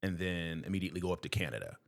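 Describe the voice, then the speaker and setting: A man with a very low, deep voice tells stories on a podcast in an easygoing, animated way. He laughs often as he talks about his life as a performer. He sounds like a young adult guest in casual chat. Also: very fast, vocal fry.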